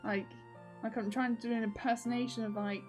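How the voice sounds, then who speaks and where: A woman's voice: fairly high pitch, level tone, brisk, over music. A woman chatting casually in a video diary, rambling with lots of fillers and frequent laughs. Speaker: video diarist.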